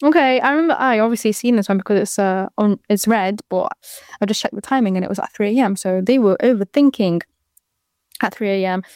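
A woman's voice: medium pitch, brisk, a little mellow, no echo, studio quality. A 22-year-old woman with a British accent, hosting a casual advice show and chatting frankly to listeners with rambling asides. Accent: British English.

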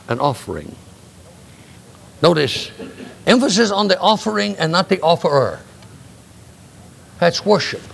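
An older man delivers a sermon slowly and deliberately, his gravelly voice climbing sharply for emphasis before settling back down. A faint ambient hiss sits behind him. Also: fairly bright tone. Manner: slow, emphatic preaching with sudden rises in pitch. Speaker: pastor.

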